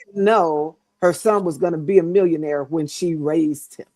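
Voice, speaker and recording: A woman's voice: deep voice, normal speed, a little mellow. Fervent older woman, preacher cadence. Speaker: guest co-author. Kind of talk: preaching-style encouragement.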